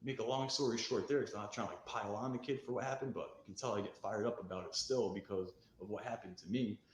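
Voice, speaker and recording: Fired-up, swearing man telling a rough story. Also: on the low side, steady tone, fast talker, reverberant, a little hiss or hum, rough recording. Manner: fired-up, swearing, acts out shouted quotes. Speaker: storyteller of past addiction. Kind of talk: candid recovery storytelling.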